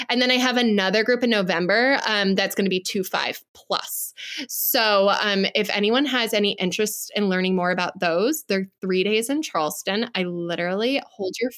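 A woman in her thirties talks casually as a podcast guest, chatty and frank. She sounds upbeat and sure of herself, with her pitch right in the middle of the range. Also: fairly bright tone. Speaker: guest, luxury business coach. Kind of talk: casual interview chat.

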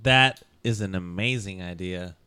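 Bright, crisp-voiced man rambling. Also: low voice, measured pace, no room sound. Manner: rambling, says "like" a lot. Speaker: player. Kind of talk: casual tabletop play.

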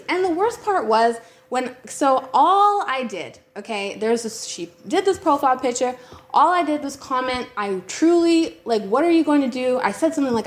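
A woman co-hosting a podcast, her voice sitting a little high. She talks emphatically, swears freely and rambles through fillers and restarts. The sound carries a noticeable room echo. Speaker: podcast co-host. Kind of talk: casual chat.

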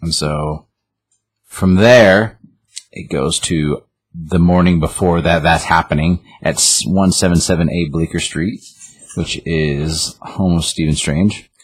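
Rambling low-voiced man. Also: steady tone, slow, breathy edge. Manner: rambling, filler-heavy. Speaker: podcast host. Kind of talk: casual chat recapping a comic.

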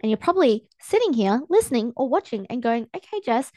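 A woman's voice: a little high, big pitch swings, fast, darkish tone, dry recording. A young woman hosting a solo podcast, talking casually and encouragingly as a personal-growth coach. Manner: chatty, encouraging, self-help coaching tone. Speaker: podcast host. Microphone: close podcast mic, filmed for video.

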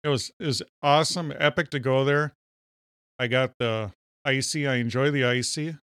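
A man's voice: medium pitch, fairly even intonation, normal speed, a bit bright, smooth, dry recording, studio quality. Man with a Minnesota accent. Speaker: podcast co-host. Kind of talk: casual chat.

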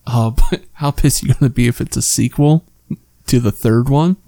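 A woman's voice: rumbling low, normal speed, mellow. A woman hosting a podcast in casual chat, laughing often and swearing casually. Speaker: podcast host.

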